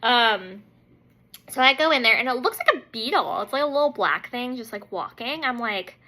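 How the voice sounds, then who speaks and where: Chatting a little fast in a voice on the high side, a makeup vlogger in her thirties sits at her kitchen table at home and tells a rambling tale heavy with "like" and "um." She animatedly acts out what people said. The audio is poor.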